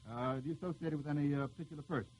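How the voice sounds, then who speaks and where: A man's voice: a little high, very fast, darkish tone, slight background noise, rough recording. Wisecracking radio quiz host, man. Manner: wisecracking, teasing the panel. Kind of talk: live radio quiz hosting.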